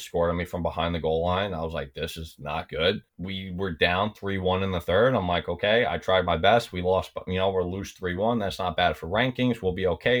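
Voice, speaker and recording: A young man with a very low, deep voice tells loose, rambling stories, peppering them with "like" and doubling back on his words. He talks as a podcast guest, easygoing and unpolished. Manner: rambling, repeats words, lots of "like". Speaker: podcast guest, former college backup goalie. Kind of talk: casual storytelling.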